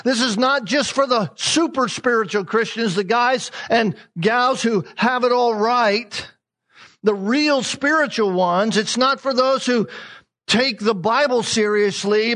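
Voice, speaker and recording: A man's voice: extremely high pitch, measured pace, fairly bright tone. A man preaching a sermon as a pastor, emphatic, repeating key phrases and asking rhetorical questions.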